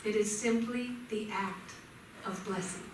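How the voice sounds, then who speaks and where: A woman minister giving a gentle sermon in a church, telling stories and voicing shouts vividly. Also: mid-range voice, steady tone, a little slow, slight background noise. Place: church sanctuary. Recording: echoey church hall from far off.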